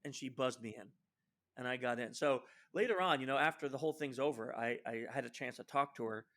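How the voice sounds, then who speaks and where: A man as a podcast guest who tells a long work story in an animated way, slipping into other people's voices for quoted lines. He talks with plenty of fillers and restarts, and his pitch sits in the middle. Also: a little fast. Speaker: guest social engineer.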